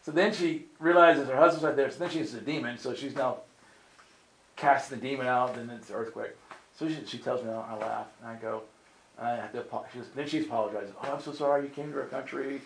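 Animated male preacher in a roomy hall. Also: medium pitch, fairly quick, creaky, a little hiss or hum. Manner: animated storyteller acting out voices. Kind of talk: storytelling sermon. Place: meeting room with audience.

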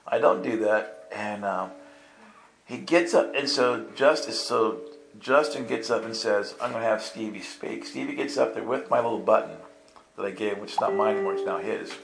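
A man gives a storytelling sermon in a lowish voice with vocal fry at a moderate pace. Animated, he acts out the dialogue in voices and laughs through the story. The room is echoey, with soft instrumental music underneath.

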